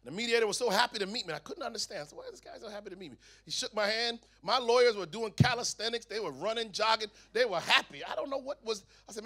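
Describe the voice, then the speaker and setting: A man giving his testimony at a youth camp meeting, telling the story in a lively way and acting out the dialogue. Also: sits high, fast, few pauses. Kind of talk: testimony sermon to a youth audience.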